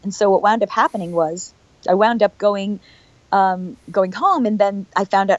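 A woman guest telling animated, chatty stories with many restarts in a casual interview. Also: medium pitch, normal speed, dry recording, muffled recording. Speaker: actress guest.

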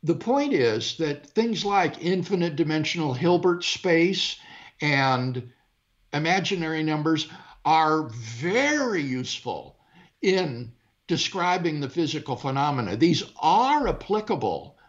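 Guy explaining stuff slow and careful like a lecture, voice goes up and down a lot, kinda muffled lo-fi sound. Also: fairly high pitch, big pitch swings. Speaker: guest philosopher. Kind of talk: interview discussion.

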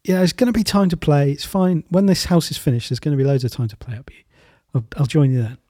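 A man's voice: fairly high pitch, quick pace, dark tone, no room sound, studio quality, lightly acted. A man voicing a cheerful, hardworking young male pig in a storybook tale, upbeat and reassuring in a raised voice.

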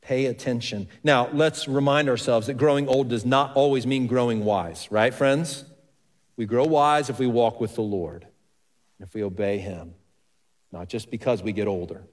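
A man's voice: mid-range voice, normal speed. A male pastor preaching a sermon, reading scripture aloud and asking the congregation questions. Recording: reverberant hall.

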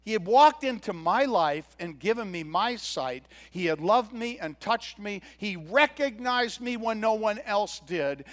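A high-voiced, earnest grown man who was blind and has been healed, as a pastor plays him. He tells his story in a first-person sermon monologue, grateful and sincere, and acts out the other people's lines as he goes. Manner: earnest storytelling with quoted dialogue.

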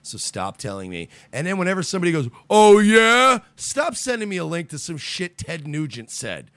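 A man's voice: a little high, huge pitch swings, fairly quick, a bit bright, no room sound. A man ranting casually on a talk show, sarcastic and profane, often mocking people in put-on voices. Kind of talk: casual podcast rant.

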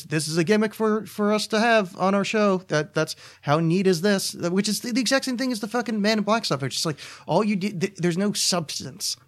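Rambling, cursing male podcast host. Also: fairly high pitch. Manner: rambling, profane, repeats words. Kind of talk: solo podcast rant.

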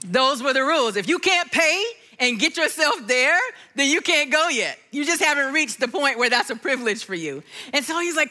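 Animated, bright-voiced woman preacher. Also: high-pitched, brisk, few pauses. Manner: animated storyteller acting out quoted voices. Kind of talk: sermon with personal story.

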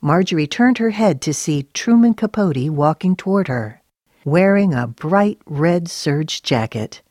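A woman with a low voice reads a story aloud in a steady, even way. The recording is close and dry, with no room sound. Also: a little slow, dry recording. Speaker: narrator. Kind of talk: scripted narration.

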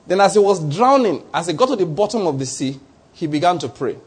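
A man's voice: high voice, very animated, a little fast, slightly rough. A man preaching a sermon, posing rhetorical questions to his congregation. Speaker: pastor.

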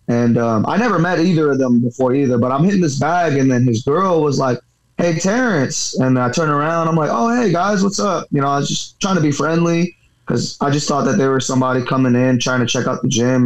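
A man's voice: mid-range voice, low-quality recording. A man who fights professionally and coaches boxing, telling a story in a casual interview, rambling, swearing freely and leaning on filler words.

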